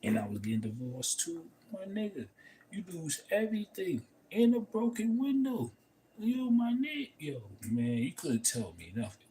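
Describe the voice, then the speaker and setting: A man in a casual livestream monologue, telling a story in a profane, emphatic and rambling way. He swings between loud outbursts and low mutters. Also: very animated, normal speed, a little hiss or hum, low-quality recording. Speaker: livestream host.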